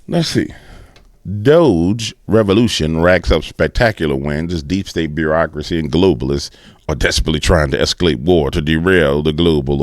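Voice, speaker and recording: A man hosting casual political commentary, animated and slangy, with playful sound effects. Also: low voice, no echo, studio quality.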